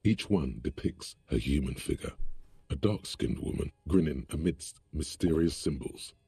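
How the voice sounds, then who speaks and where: A man voicing the wry, sardonic inner voice of a detective's mind in a video game, with a very deep gravelly voice. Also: lively intonation, normal speed, mellow, no room sound, full character voice. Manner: dry, sardonic narration.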